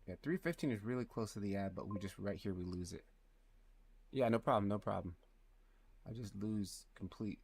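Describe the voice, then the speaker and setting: A man streaming live as a 3D artist, speaking low and quietly, thinking aloud and muttering numbers to himself as he works. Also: moderate pace, gravelly, breathy edge. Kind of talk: thinking aloud while working.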